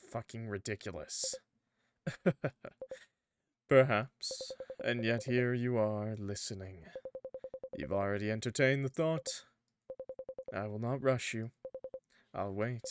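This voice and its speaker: A man voicing a slow sinister tempter. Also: on the low side, noisy background. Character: sinister tempting male entity, slow and silky.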